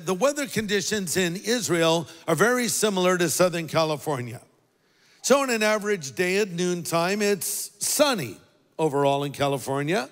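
A man preaching a sermon as pastor, talking conversationally, dropping low for quoted words and rising for emphasis. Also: a bit bright. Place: large church auditorium. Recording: long reverb of a large hall.

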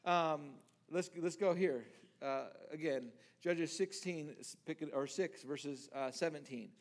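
A man pastor preaching a sermon in a conversational way, often restarting words and acting out lines from scripture. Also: sits high.

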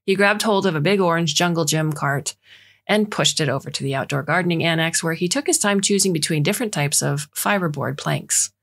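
A woman reading a short story aloud in a measured storytelling manner as scripted narration. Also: sits low, fairly bright tone. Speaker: audiobook reader.

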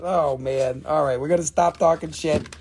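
A man hosting a live mineral sale, excitable and joking with viewers, often swearing. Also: fairly high pitch, moderate pace, a little hiss or hum. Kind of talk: excited live-stream sales patter.

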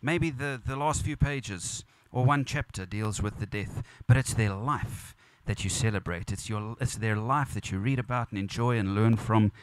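A man's voice: on the low side, normal speed, hardly any pauses, a little hiss or hum. A man preaching at a funeral as pastor, earnest and repetitive, building emphasis. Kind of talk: funeral sermon. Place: church or funeral venue.

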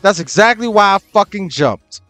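A young man commenting on his own ranked matches with a high, wildly swinging voice, swearing freely and erupting in loud, exasperated complaints. The recording is close and dry, with faint game music underneath. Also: lively intonation, moderate pace, no echo. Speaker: gaming channel host.

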